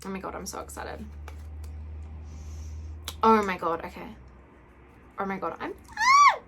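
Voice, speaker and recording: A woman beauty vlogger in an excited unboxing chat, gushing and often gasping and squealing. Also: medium pitch, measured pace, vocal fry, a little hiss or hum.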